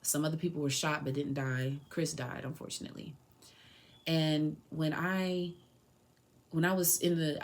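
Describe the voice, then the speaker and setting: Low-voiced young woman telling a personal story. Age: 20s. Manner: emotional, animated retelling with quoted dialogue. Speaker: podcast host.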